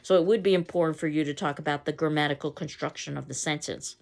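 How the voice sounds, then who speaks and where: A deep, steady, darkish voice with vocal fry moves at a quick pace. The speaker is a woman teacher from outside the local area, explaining poetry conversationally in a recorded lecture and reading a poem in stressed beats.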